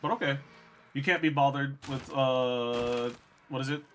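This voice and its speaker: A man with a bright, forward voice gives loose, profane running commentary while he plays a game. He chats to his viewers as he goes, at an everyday pitch, with a faint hiss under the audio. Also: steady tone, a little slow. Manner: chatty, profane, talks to viewers. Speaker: streamer. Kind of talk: casual gameplay commentary.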